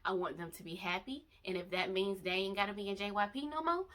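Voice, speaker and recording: Young woman vlogger, bright forceful voice, talks straight to viewers, emphatic and animated; good for fan vlogs. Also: mid-range voice, fast. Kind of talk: emotional fan vlog. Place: bedroom.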